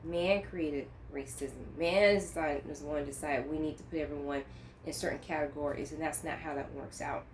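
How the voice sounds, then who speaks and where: Lady vlogger talking faith, low-ish voice, earnest and fired up. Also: a little mellow, slight background noise. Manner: earnest, impassioned, rising to emphatic peaks. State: choked up. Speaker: Christian vlogger. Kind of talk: unscripted faith talk to camera.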